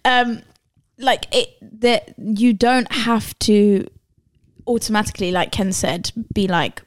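A woman's voice: mid-range voice, slow pace, no echo. Female dance judge, chatty and casual, dry close mic. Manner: chatty, laughs easily, many fillers. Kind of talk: casual chat.

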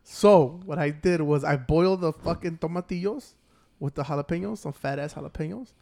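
A man's voice: a little high, brisk, gravelly, a little mellow. A man chatting crudely with friends, laughing often and stumbling over his words. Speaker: cook, friend in group chat. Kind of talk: casual banter with friends.

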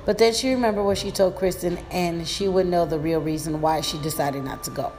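A woman's voice: fairly low pitch, a little fast, darkish tone, slight background noise. A woman reading a story aloud in a plain manner, with small slips and restarts.

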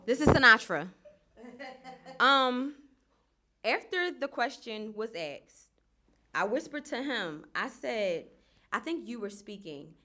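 A young woman speaking in a casual group discussion, candid and expressive about her feelings. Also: fairly high pitch, slow. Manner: candid, expressive, self-aware.

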